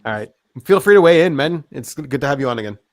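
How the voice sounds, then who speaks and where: A man's voice: medium pitch, lively intonation, fast. A man casually hosting an online group call, welcoming people in an easygoing way. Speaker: host.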